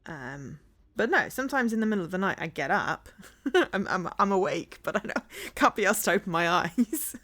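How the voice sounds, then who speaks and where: A woman's voice: mid-range voice, animated, normal speed, fairly bright tone. A woman streaming from home, chatting casually with her viewers, rambling, laughing often and humming bits of songs.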